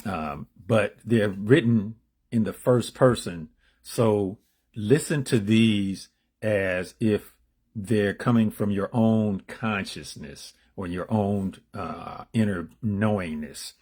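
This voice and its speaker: A slow, husky man reads daily spiritual meditations off the cuff. He raises his voice for the written passages, then slips into low, offhand asides before going on. The delivery is casual and unrehearsed. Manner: unrehearsed, loose asides between readings; reads passages louder and higher, asides dropped low and quiet. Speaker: spiritual reader.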